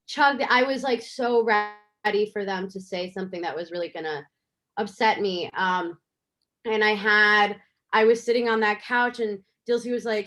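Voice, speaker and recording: A woman's voice: medium pitch, moderate pace. Chatty woman filmmaker telling a story. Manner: animated, chatty with many fillers. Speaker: filmmaker guest. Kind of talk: casual interview storytelling.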